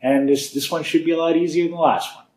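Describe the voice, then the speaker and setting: A man hosting his own game series, chatting casually as he plays and reads through code, rambling and often laughing softly. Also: on the high side, fairly even intonation, fast talker. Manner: rambling, chatty, with frequent fillers and small laughs. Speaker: host of a game and source-code video series. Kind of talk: casual commentary while playing and reading code.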